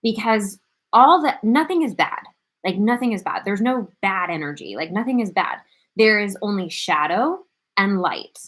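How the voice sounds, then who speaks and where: A woman's voice: mid-range voice, lively intonation, moderate pace, a bit bright. A woman hosting a live Q&A as a spiritual coach, talking in an earnest, heartfelt way with lots of filler words. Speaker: spiritual coach and show host.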